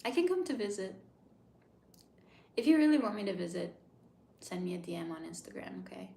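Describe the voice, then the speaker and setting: A woman in her thirties chatting casually on a livestream, reading comments and swearing freely, with hushed asides. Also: medium pitch, very animated, fairly quick, gravelly. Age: 30s. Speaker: livestream host. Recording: echoey room sound.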